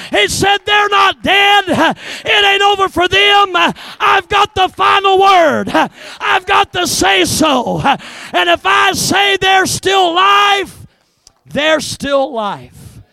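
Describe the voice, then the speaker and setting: A hoarse man preaching a sermon, shouting with call-and-response exhortations to the congregation, his voice still rough from a recent respiratory infection. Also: very high voice.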